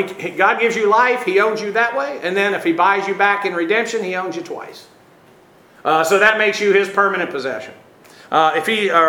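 A man's voice: high-pitched, pushed and bright, roomy sound, low-quality recording. A man preaching an expository sermon, teacherly and emphatic, with frequent filler sounds. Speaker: pastor.

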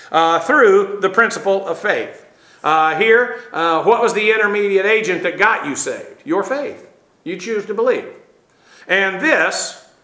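Bright-voiced preacher man in an echoey room. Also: high voice. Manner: teacherly, emphatic, frequent "uh" fillers. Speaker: pastor. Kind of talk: expository sermon.

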